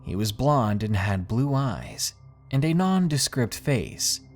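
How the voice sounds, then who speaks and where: A man narrating a creepy first-person tale in a scripted, storyteller's read. His voice sits at an ordinary middle pitch but rises and falls a lot as he tells it. Soft music plays faintly underneath. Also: sing-song, slow.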